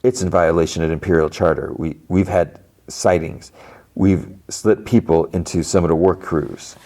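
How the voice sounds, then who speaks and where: A man's voice: deep voice, fairly even intonation, normal speed, darkish tone. A man hosting a podcast, casually retelling a TV episode scene by scene, with lots of fillers and restarts. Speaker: podcast host.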